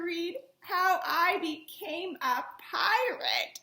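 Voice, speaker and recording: A woman's voice: sits high, slow, gravelly, hardly any pauses, echoey room. Playful woman reading to children. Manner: playful and animated, with soft asides. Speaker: children's story reader. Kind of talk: read-aloud storytelling for children.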